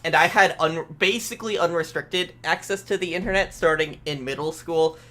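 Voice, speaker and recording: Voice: mid-range voice, moderate pace, fairly bright tone. A young adult guest on a stream, chatting casually in rambling, stop-start sentences with some swearing. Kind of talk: casual chat.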